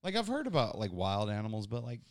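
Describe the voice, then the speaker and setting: A man's voice: fairly low pitch, huge pitch swings, fast talker. Exasperated man telling a story. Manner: exasperated, dramatic, indignant. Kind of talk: casual storytelling chat.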